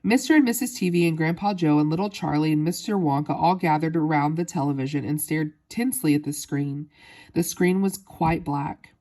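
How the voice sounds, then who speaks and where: A woman reading a children's novel aloud as narrator, in steady storytelling with small slips. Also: low-pitched, a little fast. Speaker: audiobook narrator.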